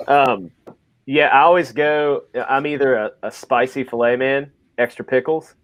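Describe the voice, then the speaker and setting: A man's voice: mid-range voice, steady tone, measured pace, a bit bright. A man in his thirties co-hosting a casual stream chat, rambling with restarts and jokey asides. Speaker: stream co-host.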